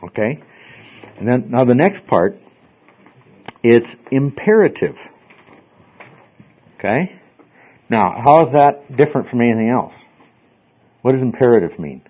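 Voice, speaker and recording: A man's voice: medium pitch, big pitch swings, a little slow, pauses often. A man teaching a classroom lecture, explaining step by step and often asking "okay?" to check in with his students. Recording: slightly dull lo-fi recording.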